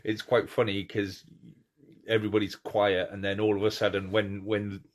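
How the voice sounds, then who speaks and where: A middle-aged man with a low voice hosts a casual podcast chat. He talks in an animated, rambling way, stopping and restarting as he acts out the moments he describes. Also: normal speed. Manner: animated storyteller, acts out crowd cheers; chatty, many restarts and fillers. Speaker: podcast host.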